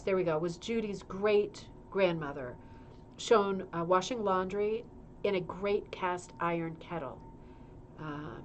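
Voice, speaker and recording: A woman's voice: medium pitch, slight background noise. Chatty woman reading a magazine aloud. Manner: chatty, reads aloud with asides and laughs. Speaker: show host reading a magazine. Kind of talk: casual livestream chat. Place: indoor room with a humming heater.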